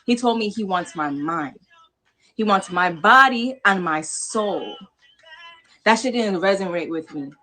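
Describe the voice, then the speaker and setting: On a livestream panel, a woman born in New York with a Jamaican-American accent talks passionately, repeating herself emphatically and swearing casually. Her medium-pitched voice is bright and forceful, slow-paced with frequent pauses, and there's slight background noise.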